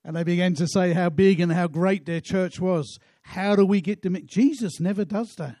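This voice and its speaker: A pastor preaching a sermon in an earnest way, asking rhetorical questions. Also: male voice, sits high, moderate pace, dark tone, no room sound, clean studio sound.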